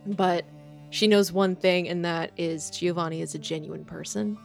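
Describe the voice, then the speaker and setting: A woman's voice: on the low side, steady tone, takes it slowly, vocal fry, soft background music. A woman player narrating her character's actions hesitantly in a tabletop game.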